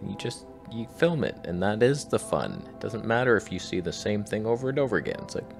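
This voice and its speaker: A low, gravelly man talks through his nature footage with deadpan, absurd humor. His pitch swings wide, jumping into squeaky excited bursts. Soft music plays under him. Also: brisk, hardly any pauses. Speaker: wildlife video creator. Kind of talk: casual joking vlog narration. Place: outdoors on nature walks.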